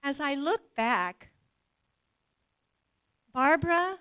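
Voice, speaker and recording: Slow earnest woman preaching, tinny sound. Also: on the high side. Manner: earnest, addresses the congregation directly. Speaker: church speaker giving testimony. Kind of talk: sermon testimony.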